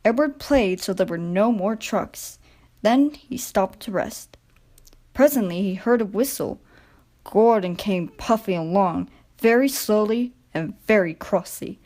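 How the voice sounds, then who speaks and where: A woman reading a children's railway storybook aloud, gentle and expressive. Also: mid-range voice, unhurried. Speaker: storybook narrator.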